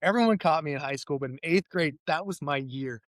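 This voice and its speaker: A man's voice: fairly high pitch, fairly quick, no room sound, clean studio sound. A man in his forties from California, a guest coach telling candid, self-deprecating stories in a podcast interview. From Fresno, California. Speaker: mental performance coach, guest.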